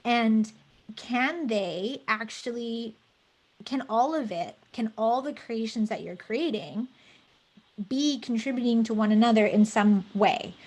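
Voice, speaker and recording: A woman guest speaking in a relaxed podcast conversation, her voice sitting a little high. She talks in a reflective, unhurried way and pauses on fillers as she feels her way through ideas. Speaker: podcast guest, fascial stretch therapist and creator.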